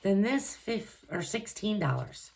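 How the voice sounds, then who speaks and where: A woman's voice: on the low side, slow pace, darkish tone. A woman budgeting vlogger chatting casually to camera, gushing and emotional, with a lot of fillers. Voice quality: gravelly, creaky voice.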